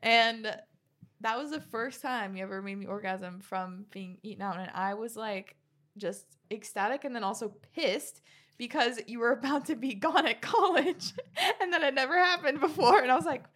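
A young woman hosting a podcast in casual chat, candid and quick to giggle. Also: fairly high pitch, fairly bright tone. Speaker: podcast host.

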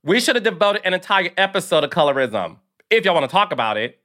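A man's voice: high-pitched, big pitch swings, fast, sharp tone, a faint crowd. A man hosting his own podcast, talking in an emphatic, sassy commentary style and calling listeners "child". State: emotional, near tears. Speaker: podcast host. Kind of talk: casual commentary monologue.

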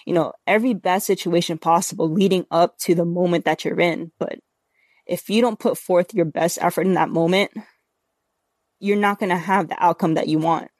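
A woman's voice: lowish voice, fairly even intonation, moderate pace, a little mellow, no room sound, clean studio sound. A woman talking earnestly as a podcast guest, rambling with many fillers. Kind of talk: casual interview talk.

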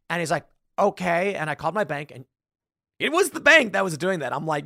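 A man with a fairly high, voice tells a story in a sarcastic, lively way and puts on the voices of the people he quotes. The sound is dry and close, with no room echo. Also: fast talker, vocal fry. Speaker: podcast host. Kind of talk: casual commentary.

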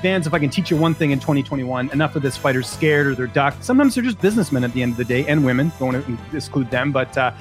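A man's voice: mid-range voice, expressive, fast, hardly any pauses, faint music behind. A man from Canada, a podcast guest, chatting casually in a rambling, self-interrupting, jokey way. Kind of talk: casual chat.

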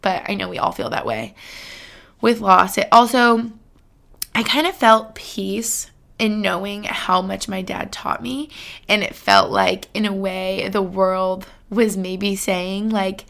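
A woman's voice: mid-range voice, lively intonation, slow, vocal fry, fairly bright tone. A woman in her twenties talking casually and earnestly to her viewers, chatty and full of fillers. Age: 20s. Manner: chatty, earnest, filler-heavy with frequent laughs. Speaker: vlogger. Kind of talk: casual talk to camera.

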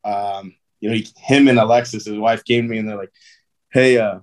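A man with a lowish voice tells long stories as an interview guest. He talks loosely and casually, leaning on filler words and "dude" as he goes. The feel is relaxed and conversational. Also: brisk. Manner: loose and chatty, full of "um", "like" and "dude". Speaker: guest, pro baseball player.

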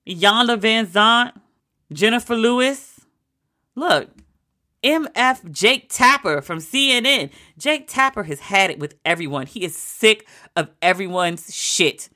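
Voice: mid-range voice, pushed and bright. An American podcast host in a profane, exasperated comedic rant, firing off incredulous rhetorical questions. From United States.

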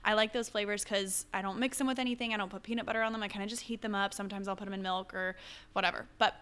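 A woman's voice: mid-range voice, steady tone, very fast, a bit bright, clean tone. A young adult woman hosting a casual solo podcast, chatty and upbeat with rambling asides. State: hiccuping. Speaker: podcast host.

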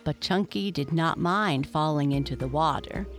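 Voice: mid-range voice, soft background music. A narrator reading a children's animal story aloud, speaking straight to the young listener. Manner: measured, addresses the listener.

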